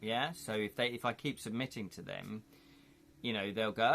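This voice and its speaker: A man's voice: medium pitch, fairly quick, vocal fry, a bit bright. A man hosting a casual livestream, chatting in a rambling, loose way and correcting himself as he goes. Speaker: host storyteller.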